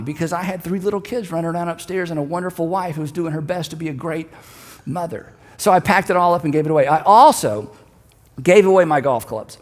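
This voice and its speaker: A middle-aged man delivers a sermon with a fairly high voice, loose and conversational in his storytelling. He turns emphatic on repeated key lines. His voice carries a long reverb tail from a large auditorium. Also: a little fast. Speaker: pastor.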